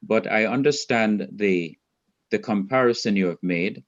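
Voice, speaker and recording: A man from Jamaica teaching a Hebrew grammar class online, explaining slowly and repeating his points. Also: on the low side, lo-fi sound. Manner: slow, patient, repeats points.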